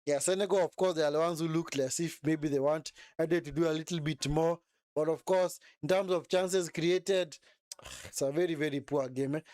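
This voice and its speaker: A man's voice: a little high, steady tone, moderate pace, a little mellow, dry recording, studio quality. A young man hosting a live football watch-along, mocking and scolding the players in a long rant. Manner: mimics players in whiny put-on voices.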